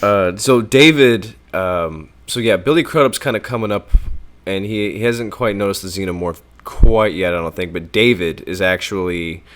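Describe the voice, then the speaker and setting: A man co-hosting a casual film podcast, animated and profane, acting out movie lines as he talks. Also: low voice, normal speed. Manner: animated, swearing, acts out movie lines in bursts. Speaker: podcast co-host.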